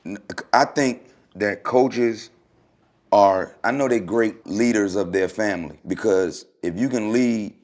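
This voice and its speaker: Low-voiced man telling loose stories. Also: measured pace. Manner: laid-back storytelling, loose slangy speech, animated when retelling. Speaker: guest, former basketball player. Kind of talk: casual podcast chat.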